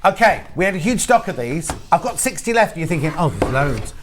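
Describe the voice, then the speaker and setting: A man's voice: high voice, expressive, quick pace, noisy background. A man presenting on a shopping channel, jokey and urgent, repeating prices and stock counts. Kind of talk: live sales presenting. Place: television studio.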